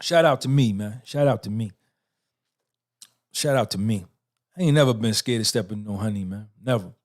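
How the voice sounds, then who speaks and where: A man's voice: lowish voice, normal speed. A man in his fifties hosting a livestream podcast, talking to his chat in a boastful, profane, streetwise way. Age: 50s. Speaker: podcast host. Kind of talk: boastful casual livestream talk, answering chat.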